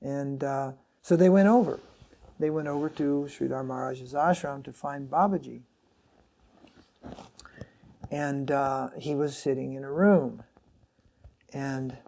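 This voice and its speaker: A man giving a sermon as a swami, telling a story in a halting way with many fillers and restarts. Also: medium pitch, mellow.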